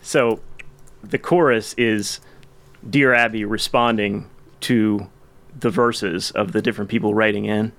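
A man's voice: fairly low pitch, fairly even intonation, a little slow, fairly bright tone. A man hosting a podcast, chatting enthusiastically about songs with some rambling restarts. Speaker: podcast host. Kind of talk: casual chat about music.

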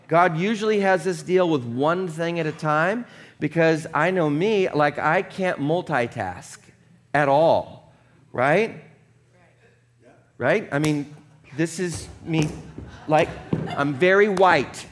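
A man preaching a conversational sermon, casual and chatty, often checking in with the congregation and dropping low and quiet for earnest points. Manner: casual and chatty, with frequent "like" and "right?". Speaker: pastor.

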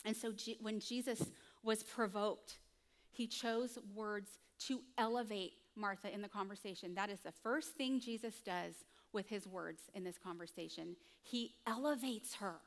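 A woman pastor preaching a sermon to a congregation, telling the story in an animated, conversational way. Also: mid-range voice, a little slow. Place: church stage before a congregation.

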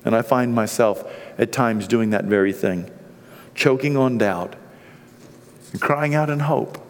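A middle-aged man preaching a sermon as pastor, swinging from hushed, quiet stretches to loud, impassioned peaks. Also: mid-range voice, measured pace. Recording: long reverb of a large hall.

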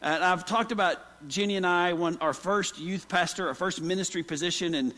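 A man's voice: high-pitched, normal speed, pushed and bright. A pastor preaching a folksy story-filled sermon, asking the congregation questions as he goes. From Oklahoma. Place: church sanctuary. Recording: long hall reverb.

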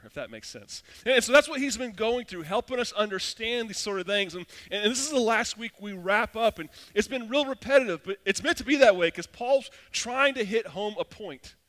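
A man in his thirties preaching a sermon, casual and animated, telling a personal story with frequent restarts. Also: sits high, normal speed. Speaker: pastor.

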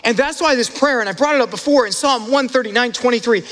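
Mid-sermon, an animated male pastor speaks fast in a high, bright voice directly to his congregation. He tosses in asides and laughs, and a long, reverberant hall echo trails his words.

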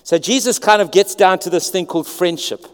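Guy preaching, kinda high voice, earnest and chatty, echo from a big church hall. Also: a little fast. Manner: earnest, conversational with frequent restarts. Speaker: pastor. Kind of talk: sermon.

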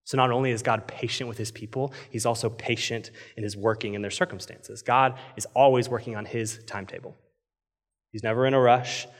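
A man in his thirties preaching a sermon, telling a story with animated swings from loud excitement to quiet intensity. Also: mid-range voice, fairly quick. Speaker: pastor. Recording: long hall reverb.

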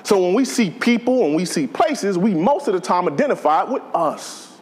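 A man's voice: high-pitched, sing-song, normal speed, a little mellow, breathy edge. A man preaching a sermon in a conversational, joking way to a church congregation. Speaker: pastor.

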